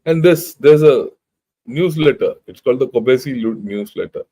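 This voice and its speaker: Warm and husky, this mid-range male voice has lively intonation and moves at normal speed over a rough recording. The speaker, an older retired army general with an Indian English accent, gives an informal lecture that's emphatic, blunt and full of rhetorical questions.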